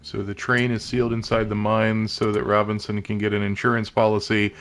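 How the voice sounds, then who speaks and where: A man's voice: lowish voice, monotone, a little fast, a bit bright, soft background music. A man co-hosting a game playthrough, asking skeptical questions in casual chat. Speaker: let's play co-host. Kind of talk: casual let's play discussion.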